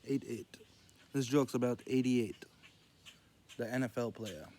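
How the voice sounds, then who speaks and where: A man telling rambling jokes in casual storytelling, meandering and loose as he quotes others in a low murmur. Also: a little slow, dark tone.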